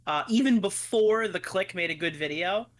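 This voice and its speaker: A man with a bright, fairly high voice chats with his co-host on a stream. He explains quickly and casually. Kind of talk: casual livestream chat.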